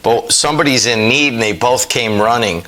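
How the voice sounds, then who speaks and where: A man's voice: medium pitch, normal speed, bright, forceful tone, low-quality recording. A man hosting a casual call-in radio show, rambling and easygoing, with a Northwest Indiana accent. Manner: rambling, easygoing, many fillers. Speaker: radio host.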